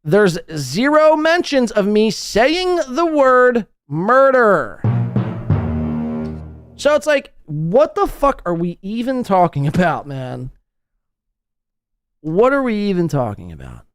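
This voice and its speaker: Male podcast host, crude mocking rant, very lively pitch, dry close sound. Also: unhurried, clean tone, dry recording, soft background music. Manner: crude, sarcastic, mocking, swings between loud outbursts and muttering. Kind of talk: ranting live podcast commentary.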